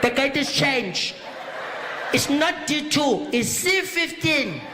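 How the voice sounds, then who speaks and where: A comedian voicing a loud, rambling South African woman making airport announcements. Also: extremely high pitch, sing-song, slow pace, over music, pitched above the performer's own voice, heavily acted. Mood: sing-song. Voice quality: shouty, rambling, unbothered. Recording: live stand-up with loud audience and noise.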